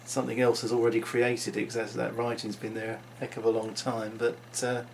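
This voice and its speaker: A man's voice: mid-range voice, little pitch movement, brisk, creaky, a little hiss or hum. A man talking unscripted into his vlog, musing and rambling with frequent restarts. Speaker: vlogger.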